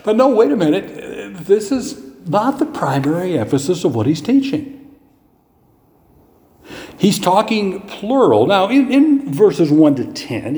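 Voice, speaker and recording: A male pastor delivers a sermon in a warm, mellow voice whose pitch rises and falls freely. He talks conversationally, often asking a question and then answering it himself. The sound carries the long, roomy reverb of a church hall. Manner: conversational preaching with rhetorical questions.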